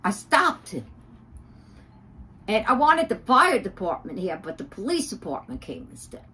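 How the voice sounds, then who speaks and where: A woman's voice: mid-range voice, big pitch swings, measured pace, bright, forceful tone. A woman ranting on a livestream, profane and indignant, with frequent fillers and restarts.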